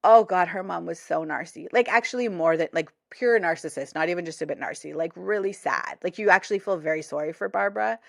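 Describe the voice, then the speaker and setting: Speaking fast with hardly any pauses, this podcast co-host has a lowish voice touched with vocal fry. She keeps the chat casual, telling stories with animation and laughing frequently, and the studio sound is clean and echo-free.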